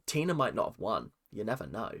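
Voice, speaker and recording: A man's voice: on the low side, sing-song, a little fast, a bit bright. A man hosting a reaction video, chatting casually and exaggerating with mock voices.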